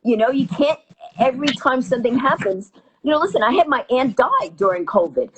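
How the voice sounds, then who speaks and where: A woman comedian telling a story as an interview guest, talking fast and acting out the voices of the people in it. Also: high-pitched, lively intonation, fairly bright tone, slight background noise, low-quality recording. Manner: fast, acts out quoted voices. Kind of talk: animated storytelling.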